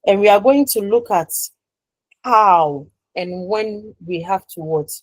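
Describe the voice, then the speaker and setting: A woman's voice: medium pitch, slow, no room sound, low-quality recording. A woman giving a university lecture. She rephrases her points, checks that the class is following, and leaves sentences open with "what?" for students to finish.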